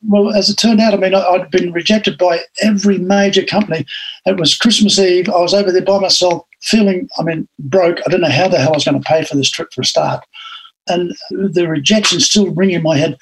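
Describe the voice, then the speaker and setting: An older man with an Australian accent tells his stories in an animated, anecdotal way and acts out the quotes. His voice sits a little high and sounds husky. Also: brisk, low-quality recording. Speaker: interview guest. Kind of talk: storytelling in an interview.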